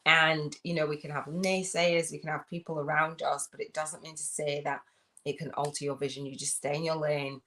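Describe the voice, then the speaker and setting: A chatty woman hosts a casual live stream, her voice sitting low for a woman. She reads aloud in halting stretches, stumbles and restarts, and breaks into laughter often. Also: little pitch movement, fairly bright tone. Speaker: host. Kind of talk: casual livestream chat.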